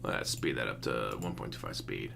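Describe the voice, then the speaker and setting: A man's voice: extremely low pitch, lively intonation, normal speed, creaky, bright, forceful tone. Sarcastic man riffing on a stream. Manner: sarcastic, mocking. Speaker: streamer reacting to another stream. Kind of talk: casual reaction commentary. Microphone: desktop USB mic.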